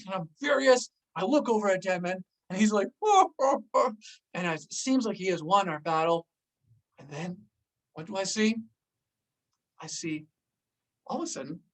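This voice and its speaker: Casual, animated storyteller, mid pitch, recorded at a distance from the mic. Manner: casual, lots of "like", acts out gasps and exclamations. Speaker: host recounting a diving story.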